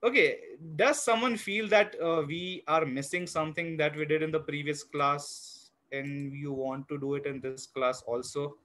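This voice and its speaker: A fairly high, bright and forceful male voice running an online math lesson for young children. He talks in an encouraging, patient way, counting out loud step by step and often filling pauses with "you know." The sound comes from a computer mic on a video call. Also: steady tone. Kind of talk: live online class for young kids.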